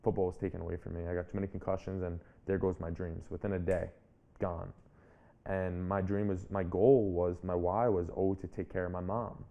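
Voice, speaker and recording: A man's voice: sits low, flat delivery, a little fast, gravelly, phone-quality sound. A man in his twenties, an interview guest and speaker, telling a personal story in an earnest, reflective way and often restarting his phrases. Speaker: guest, public speaker and author.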